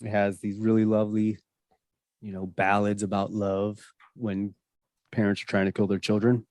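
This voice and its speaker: A man's voice: fairly low pitch, little pitch movement, normal speed, a little mellow, no room sound, studio quality. A man hosting a podcast in casual chat, rambling and slangy. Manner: rambling, slangy, full of fillers. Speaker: podcast host.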